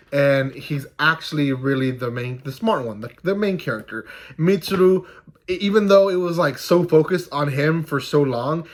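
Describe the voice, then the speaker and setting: A man's voice: fairly high pitch, fairly bright tone. Rambling young man recapping a manga. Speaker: manga reviewer. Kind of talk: casual video review.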